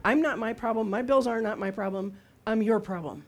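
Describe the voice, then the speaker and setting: A woman's voice: on the high side, a little fast. A middle-aged woman preaching a sermon in a conversational, humorous storytelling way, acting out quotes as she goes.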